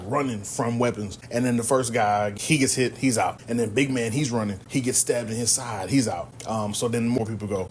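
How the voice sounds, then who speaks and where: A man hosting a podcast, retelling a film's plot casually and full of slang. He tells it with energy, in a voice of ordinary middle pitch, and faint ambient noise sits under his voice. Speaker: podcast host. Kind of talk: casual movie recap.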